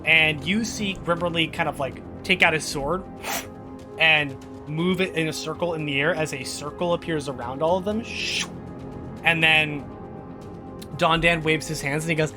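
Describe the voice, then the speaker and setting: A man running a tabletop game as game master, giggly and animated, putting on voices for the characters. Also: fairly high pitch, normal speed, over music.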